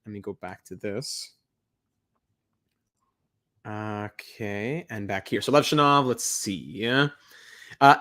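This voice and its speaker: A man with a bright, forward voice hosting a live reaction stream. He reads scouting reports aloud and breaks in with quick, excited asides of his own. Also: mid-range voice. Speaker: livestream host. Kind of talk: live draft reaction and analysis.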